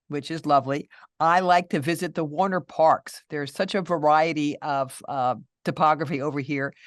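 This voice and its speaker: A woman's voice: low-pitched, no room sound, studio quality. An older woman appearing as a podcast guest over a video call, talking in a cheerful, friendly way. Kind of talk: casual interview chat.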